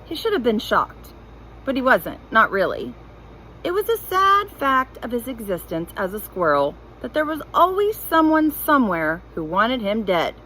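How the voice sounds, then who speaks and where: A woman reading a children's novel aloud in an expressive, animated storytelling voice. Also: fairly high pitch, moderate pace, slight background noise, rough recording. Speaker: reader.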